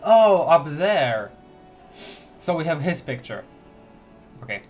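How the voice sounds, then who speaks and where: A man's voice: on the high side, big pitch swings, slow, a little mellow, faint music behind. A man streaming a story game, reading dialogue aloud with lots of giggles and playful repeated words.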